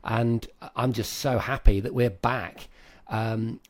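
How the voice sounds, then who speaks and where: Man, tech podcast host, middle pitch, enthusiastic. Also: steady tone, takes it slowly. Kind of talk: casual chat.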